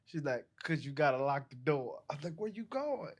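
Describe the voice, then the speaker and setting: A man co-hosting a podcast, telling a story in casual, animated chat, laughing often and swearing freely. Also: on the high side, a little fast, no echo. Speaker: podcast co-host.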